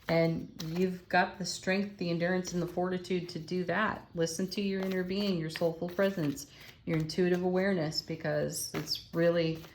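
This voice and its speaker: A woman's voice: lowish voice, a little mellow, slight background noise. A woman giving a spiritual tarot reading, enthusiastic and affirming as she exclaims over the cards. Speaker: tarot reader.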